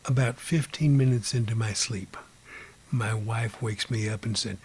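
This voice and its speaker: A man telling his own ghost story in an unhurried way, sometimes dropping to a whisper and imitating beeping sounds. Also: lowish voice, slight background noise. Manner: drops to a hushed whisper at times. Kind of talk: personal ghost story told aloud.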